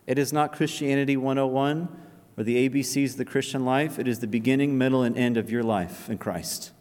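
A man preaching a sermon in a large church, building to loud, high climaxes and falling to near whispers. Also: a little fast. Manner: impassioned, swelling loud and high then dropping to a near whisper. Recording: long reverb of a large hall.

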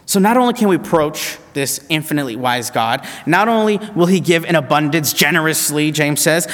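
Male preacher, somewhat high voice, emphatic sermon delivery in a church hall with long reverb. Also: expressive, fairly bright tone. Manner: emphatic, with slowed, repeated key phrases.

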